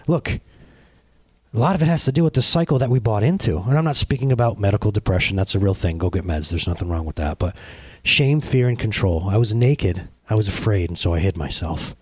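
A man's voice: lowish voice, fairly quick, husky, no room sound. A man in his thirties preaching a conversational sermon, telling a personal story and speaking straight to his congregation. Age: 30s. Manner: animated, storytelling, direct address to congregation. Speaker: pastor.

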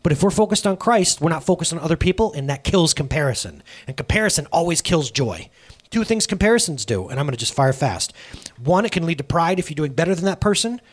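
A man in his thirties, a pastor giving a lively sermon, acting out stories in quoted dialogue. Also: on the high side, fast. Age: 30s. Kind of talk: sermon with storytelling. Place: church sanctuary.

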